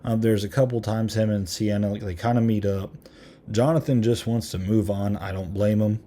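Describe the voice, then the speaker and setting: A man with a lowish, mellow voice talks through a movie review in an easygoing podcast chat. He rambles, leans on plenty of "um"s and "you know"s, and chuckles now and then as he goes. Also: steady tone, moderate pace. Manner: rambling, many filler ums. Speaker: podcast host.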